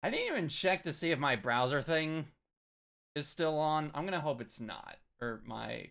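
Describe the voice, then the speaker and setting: A man's voice: on the high side, sing-song, normal speed, creaky, fairly bright tone. A man casually commenting as he plays a game, chatty and muttering through menu settings. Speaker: let's play gamer.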